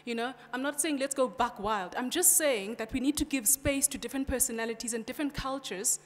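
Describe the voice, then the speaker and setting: A woman's voice: sits high, fast talker. A young woman from South Africa with a British-sounding South African English accent, giving a passionate conference speech in a direct way, often saying "you know". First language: Xhosa. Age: young adult. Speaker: student speaker. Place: large hall. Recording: long hall reverb.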